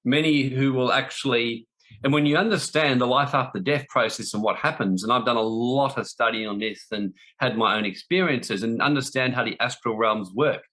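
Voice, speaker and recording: A man's voice: medium pitch, normal speed, fairly bright tone. A man giving a spiritual talk, blunt and emphatic, often repeating phrases for stress. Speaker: spiritual teacher.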